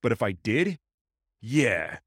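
A man talking on a podcast, profane and animated, acting out the people he quotes. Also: on the low side, takes it slowly, breathy edge, dry recording, studio quality. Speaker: podcast guest, gym owner. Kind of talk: casual podcast chat.

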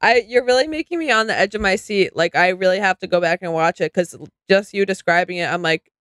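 A chatty woman co-hosts a casual podcast, rambling with enthusiasm. Her voice is bright and clear, recorded close and dry. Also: medium pitch, quick pace, no room sound. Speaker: podcast co-host. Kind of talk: casual chat about reality TV.

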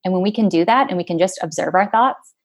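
A woman's voice: fairly low pitch, fast talker. A woman guest in an interview, talking in a reflective, casual way with many fillers.

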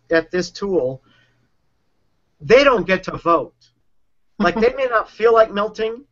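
A relationship and sales coach earnestly explains a technique in conversation, acting out quoted lines as he goes. His voice sits high with a fairly bright tone, and the recording has a dull, lo-fi sound.

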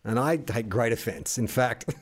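A man's voice: medium pitch, moderate pace. An Australian man co-hosting a podcast, chatting casually and laughing at his own mistakes. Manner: laughing, self-mocking. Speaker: podcast co-host. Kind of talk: casual chat.

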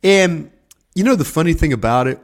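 Speaking in a fairly high, animated voice at a brisk pace, a former scout, now an older man, shares meandering stories over a video call from his home office. He performs other people's quotes in voices as he goes.

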